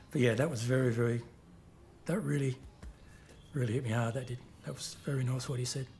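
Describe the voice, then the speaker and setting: A man speaking haltingly in an interview, repeating himself as he searches for words. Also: mid-range voice, a little mellow. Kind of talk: emotional interview talk.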